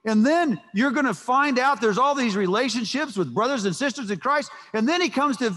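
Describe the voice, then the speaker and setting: A man's voice: very high voice, expressive, normal speed, few pauses, fairly bright tone. A man preaching a sermon as pastor, emphatic and prone to repeating words as he starts a thought, recorded in a church sanctuary. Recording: long reverb of a large hall.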